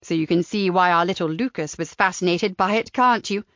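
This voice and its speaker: A chatty, motherly London woman in her seventies, with a London accent, as a woman narrator plays her. She talks in a low, homely voice. The recording is dry and slightly muffled. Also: brisk, fairly bright tone, no echo, natural voice. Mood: welcoming. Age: 70s. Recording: dry, slightly dull studio sound.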